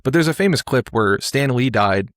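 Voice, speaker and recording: A man hosting a podcast, chatting in a relaxed, rambling way with lots of fillers. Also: mid-range voice, moderate pace, dry recording, clean studio sound. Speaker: podcast host. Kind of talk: casual podcast chat.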